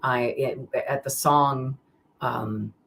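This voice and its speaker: Woman, very low pitch, casual live-stream talk, rambling, lots of fillers. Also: fairly even intonation, takes it slowly, gravelly, fairly bright tone, slight background noise. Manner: rambling, chatty, many fillers and restarts; greets viewers by name mid-sentence. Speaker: card reader hosting a live stream.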